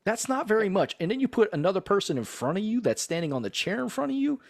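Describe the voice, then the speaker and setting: A man's voice: high voice, fast talker, gravelly, dry recording, clean studio sound. A man co-hosting a podcast, telling stories in casual chat with lots of "like" and plenty of swearing. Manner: animated storyteller, swears freely, lots of "like". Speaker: podcast co-host.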